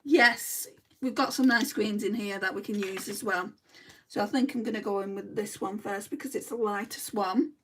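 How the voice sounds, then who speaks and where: Bluntly chatting through viewer comments as she puts on makeup, a Lancashire beauty vlogger speaks in her native Lancashire accent at a normal speed. Her mid-range voice is a bit bright, she sits a little distant from the mic, and slight background noise can be heard.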